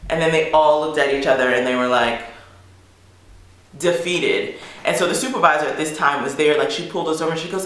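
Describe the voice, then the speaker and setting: A woman vlogger telling a story in a chatty, animated way, with swearing. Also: sits low, brisk. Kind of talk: storytime monologue. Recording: very echoey room.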